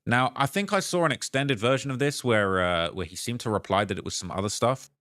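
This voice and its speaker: A man's voice: mid-range voice, a little fast, fairly bright tone, no echo, studio quality. A man narrating a commentary video, reading messages and news aloud, hesitant with restarts.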